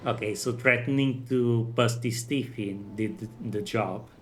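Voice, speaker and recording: A man's voice: mid-range voice, measured pace, soft background music. Offhand man playing a game. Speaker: let's play host. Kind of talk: casual gameplay commentary.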